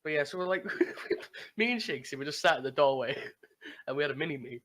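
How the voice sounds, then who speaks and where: A man's voice: on the high side, lively intonation, moderate pace, fairly bright tone. A man co-hosting a casual gaming podcast, telling a long story with restarts and laughs. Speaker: podcast co-host, gamer. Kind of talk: casual chat recapping a game server.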